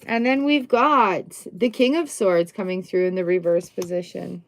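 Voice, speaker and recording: Speaking at a moderate pace with a lowish voice and fairly even intonation, a middle-aged woman hosts a chatty live-stream tarot reading. She stays upbeat, peppering her talk with exclamations and snatches of song.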